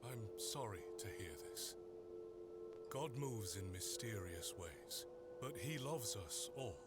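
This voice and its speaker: An actor playing a kindly middle-aged village priest in a video game, speaking in a gentle, reassuring way. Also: male voice, on the low side, expressive, slow pace. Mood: calm guiding. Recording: game voice with loud music.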